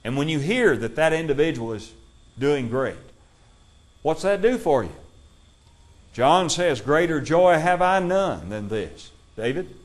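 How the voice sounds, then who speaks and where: A man teaching a Bible class, reading scripture aloud slowly and putting questions to his listeners. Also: a little high, sing-song.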